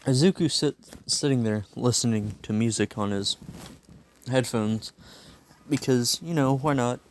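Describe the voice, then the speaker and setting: Slow, gravelly man rambling a fan story. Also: medium pitch, slight background noise. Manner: rambling, filler-heavy, offhand. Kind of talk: casual improvised story narration.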